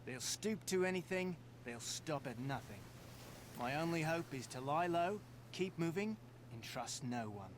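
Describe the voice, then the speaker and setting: A man's voice: on the high side, expressive, a little slow. An actor playing a guarded Australian man on the run who had posed as Jamaican, speaking in a game with background noise. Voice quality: wary, guarded, laid-back slang. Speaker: game character. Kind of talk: video game voice acting.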